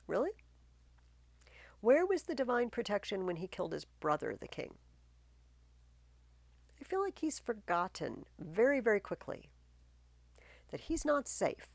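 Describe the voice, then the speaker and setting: A woman's voice: medium pitch, big pitch swings, a little slow, creaky, pauses often, no room sound. A woman teaching literature, chatty and explaining the plot in plain words. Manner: chatty, questioning the text. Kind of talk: casual explanatory tutorial.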